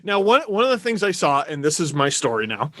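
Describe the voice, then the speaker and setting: Male podcast host from Ontario: high-pitched, sharp tone, animated storyteller who swears freely. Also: fairly quick, no room sound. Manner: animated storyteller, swears, gets loud and indignant. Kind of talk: casual podcast chat.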